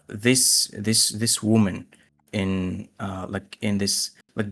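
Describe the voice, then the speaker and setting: A man narrating a tabletop game as game master, hesitant and full of fillers as he voices other characters. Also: on the low side.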